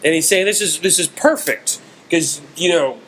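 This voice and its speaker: A man's voice: fairly high pitch, normal speed, fairly bright tone, slight background noise, low-quality recording. A man, a comedian, telling wry stories in a casual podcast chat. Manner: storytelling, wry.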